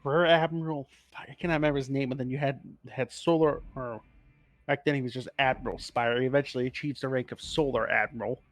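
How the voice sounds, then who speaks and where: A man's voice: mid-range voice, fairly even intonation, quick pace, no room sound. A man co-hosting a casual podcast, explaining game lore in a rambling, profane way and correcting himself as he goes.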